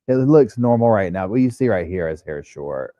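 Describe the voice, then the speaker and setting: Deep-voiced, sleepy streamer man. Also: animated, a little fast, dark tone, dry recording, dull audio. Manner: drowsy, chatty, loosely rambling. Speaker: true crime livestream host. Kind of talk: casual livestream chat.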